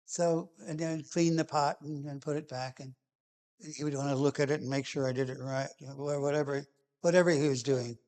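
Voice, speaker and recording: A man telling a personal memory behind a song, halting and restarting, with phrases that trail off softly. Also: fairly high pitch, fairly even intonation. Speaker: singer-songwriter telling a song's background. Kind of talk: personal reminiscence.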